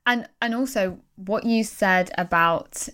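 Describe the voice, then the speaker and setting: A woman's voice: medium pitch, slow pace, sharp tone. A woman hosting a podcast interview, chatty and affirming, with frequent restarts as she relates to her guest. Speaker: podcast host. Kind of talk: casual podcast conversation.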